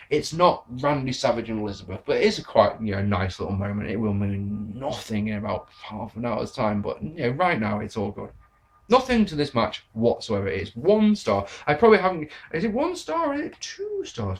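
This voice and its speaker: A man reviewing wrestling matches in a casual, sarcastic and sweary monologue, often jumping into mock excitement. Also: mid-range voice.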